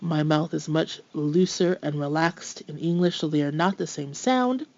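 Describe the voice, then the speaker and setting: Deliberate woman language teacher. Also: low voice, a little mellow, lo-fi sound. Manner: clear, deliberate, slows down to model sounds. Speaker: French teacher. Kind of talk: scripted pronunciation lesson.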